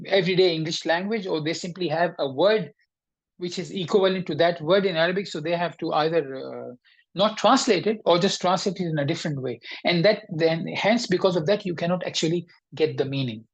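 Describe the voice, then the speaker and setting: A woman teaching an online Arabic grammar lesson, explaining patiently, checking in with her students and pausing often with fillers. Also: lowish voice, slightly rough. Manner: hesitant, with frequent fillers and restarts.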